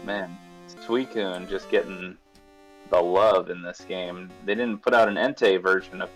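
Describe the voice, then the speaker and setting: A man's voice: low-pitched, fairly even intonation, a little slow, fairly bright tone, faint music behind, rough recording. A man, chatty and joking as a guest on a casual live stream, keen on sports talk. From New England. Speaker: guest co-host.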